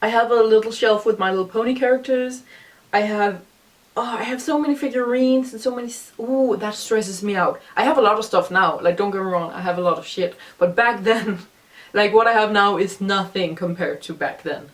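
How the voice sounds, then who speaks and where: A woman's voice: medium pitch, a little fast, recorded from a distance. A young woman in her twenties with a noticeable accent, chatting casually in a rambling, self-deprecating way with lots of ums. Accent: noticeable non-native accent. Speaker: vlogger. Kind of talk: casual reaction vlog commentary.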